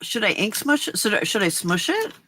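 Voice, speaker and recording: A woman's voice: medium pitch, sing-song, fairly quick, sharp tone, slight background noise. A woman hosting a casual late-night crafting livestream, chatting with viewers and her cats between giggles.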